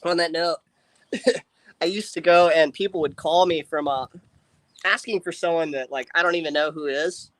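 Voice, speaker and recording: A man's voice: on the high side, steady tone, normal speed, a bit bright, no room sound. A young man in casual live-stream chat, telling jokey stories and laughing often. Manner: jokey storyteller who laughs often and acts out phone calls.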